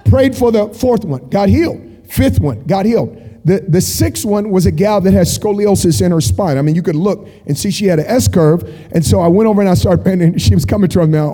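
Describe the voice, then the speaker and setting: A man preaching a sermon, telling stories with animated energy and jokey asides. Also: high-pitched, brisk. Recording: long hall reverb.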